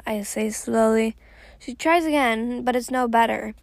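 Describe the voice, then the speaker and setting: A woman reading a novel aloud in a steady first-person voice, with the odd small slip. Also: fairly high pitch, unhurried, vocal fry, no echo. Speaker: reader.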